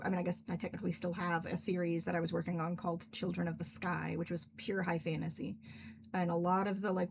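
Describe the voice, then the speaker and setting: A woman's voice: fairly low pitch, noisy background. A young woman hosting a casual livestream Q&A as an author, rambling and filler-heavy as she answers questions. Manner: chatty, rambling, frequent "like" fillers. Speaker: author and stream host. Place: indoors at home, in cosplay.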